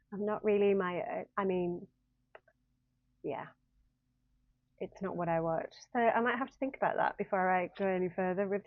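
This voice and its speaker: A woman's voice: mid-range voice, no echo. A woman in her fifties, a university lecturer, rambling casually in a talking-head vlog and often laughing at herself. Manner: rambling, chatty, self-deprecating with frequent laughs. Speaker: university lecturer in human-computer interaction. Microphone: phone camera. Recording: dry, phone-like narrow sound.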